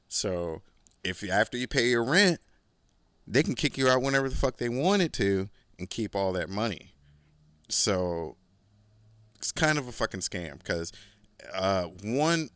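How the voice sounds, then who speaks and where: A man with a lowish, smooth, somewhat bright voice and no room sound hosts his podcast with a long monologue story. He rambles and swears, says "like" constantly, and slips in laid-back brags.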